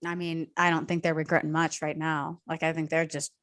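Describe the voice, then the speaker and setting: A woman hosting a casual sports talk show, relaxed and conversational with easy fillers. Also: low voice, a little fast, no room sound, clean studio sound. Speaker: host. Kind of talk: casual chat.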